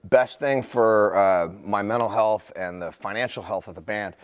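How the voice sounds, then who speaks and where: A man's voice: on the low side, moderate pace. A man who fronts a rock band, telling stories in a casual TV interview with self-mocking humor. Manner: self-mocking, animated storyteller. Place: TV studio.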